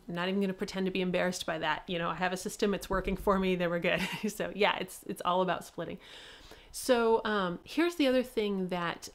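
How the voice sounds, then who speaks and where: Casting: woman streamer-author, loose chatty delivery, quick laughs, plenty of "um" and "like". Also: medium pitch. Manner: chatty, laughs often, many fillers. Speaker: author hosting a livestream show. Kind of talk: casual livestream talk.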